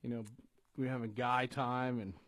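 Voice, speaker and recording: A man's voice: medium pitch, little pitch movement, normal speed, a bit bright, no room sound. A man with a mid-range voice chats easily as co-host, agreeing with his partner and backing up his stories. The recording is dry and close, with no room sound. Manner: laughs often, agreeable and supportive. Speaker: show co-host. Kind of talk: casual chat. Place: home studio.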